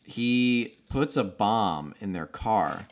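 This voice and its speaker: A man co-hosting a casual movie recap, joking and acting out characters in big high voices. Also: expressive, slow. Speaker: podcast co-host.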